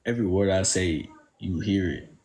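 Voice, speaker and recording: A man with a deep voice and a New York accent mixed with Southern, chatting casually and loosely on a live stream, slangy and rambling. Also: normal speed, a loud crowd. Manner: laid-back, slangy, rambling. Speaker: livestream co-host.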